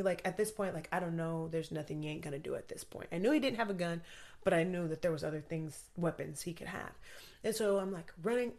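A woman with a slightly low voice tells a personal story in an interview. She talks urgently and vividly, full of casual fillers, as if reliving it. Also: a little mellow. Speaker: guest recounting a personal story.

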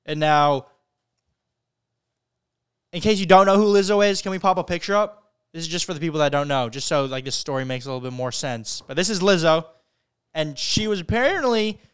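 A man's voice: a little high, brisk, long pauses, clean tone. A young man co-hosting a casual podcast, joking and telling stories with lots of energy. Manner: joking, animated storytelling. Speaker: podcast co-host.

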